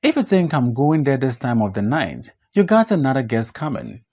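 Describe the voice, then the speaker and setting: A man voicing a wary, sharp-tongued adult man in an audiobook play reading, blunt and scolding. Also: mid-range voice, wildly swooping pitch, moderate pace, muffled recording. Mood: exasperated.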